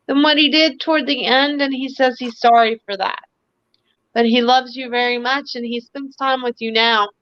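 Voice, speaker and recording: A woman's voice: high voice, fairly bright tone, no room sound, dull audio. A woman hosting a live-stream psychic reading, relaying messages in a chatty way with lots of filler words. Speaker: psychic medium and host.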